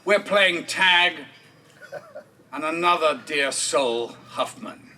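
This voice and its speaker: A man's voice: on the high side, lively intonation, takes it slowly, pushed and bright. A man giving a eulogy at an outdoor park memorial, telling comic anecdotes and chuckling often as he talks. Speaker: speaker at a memorial service. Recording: distant mic with clear background noise.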